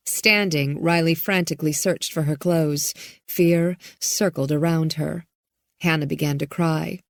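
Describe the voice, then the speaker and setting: A woman narrating an audiobook thriller in a measured, calm way. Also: low-pitched, creaky, no echo, studio quality. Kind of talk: scripted narration.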